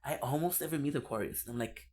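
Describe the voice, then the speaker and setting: A man's voice: medium pitch, fast talker, a little mellow. A man streaming live, chatting casually with viewers in a playful, teasing way, often repeating himself. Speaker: live streamer reading chat.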